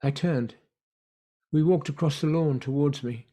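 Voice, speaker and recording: A man narrating a story in an online play reading, measured and hushed. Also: fairly high pitch.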